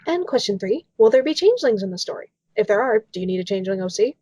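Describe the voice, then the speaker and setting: A woman's voice: mid-range voice, very animated, fast, warm tone, breathy edge, no echo. A woman co-hosting a casual Q&A chat, reading out reader questions in a giggly, bubbly way. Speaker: illustrator and co-host reading questions. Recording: dull home mic recording.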